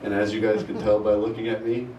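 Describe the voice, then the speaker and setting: A man's voice: on the low side, completely flat delivery, quick pace, muffled recording, slight background noise. A man performing a stand-up comedy set in a small theater, rambling and self-mocking. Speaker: stand-up comic. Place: small theater with live audience. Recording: echoey room, mic heard from far, loud crowd.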